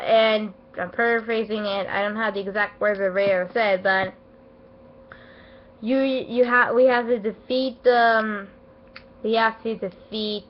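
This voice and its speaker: A woman giving a casual, rambling anime episode review, emotional and excitable, full of fillers and restarts, her voice not at its best as she feels unwell. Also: mid-range voice, slight background noise. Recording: dull lo-fi home recording.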